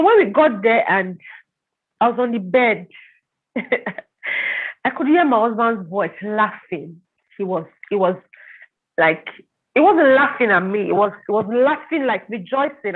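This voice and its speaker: A woman telling an emotional personal story as an interview guest, halting and repeating words when upset. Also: medium pitch. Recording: tinny phone-like line.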